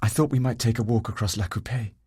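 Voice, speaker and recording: A man voicing a gentle young woman in an audiobook, speaking softly and with emotion. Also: medium pitch, fast talker, breathy edge, dry recording, studio quality, pitched above the performer's own voice. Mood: wistful. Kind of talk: audiobook character voice.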